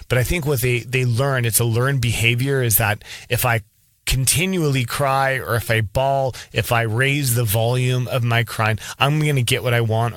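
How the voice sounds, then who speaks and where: A man in a casual advice vlog talks straight to the camera in a blunt, self-deprecating way, often doubling back on his words. His voice sits in a middle pitch and is recorded close and dry, with no room sound. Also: a bit bright, no room sound. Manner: repeats words when starting a thought. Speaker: vlogger, parent.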